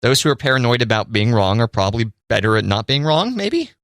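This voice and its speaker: A man's voice: medium pitch, sing-song, fast talker, a bit bright, no room sound. Male podcast co-host, mid-range voice, joking and chatty, dry studio sound. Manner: playful, addresses listeners directly. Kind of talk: casual chat. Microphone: studio microphone.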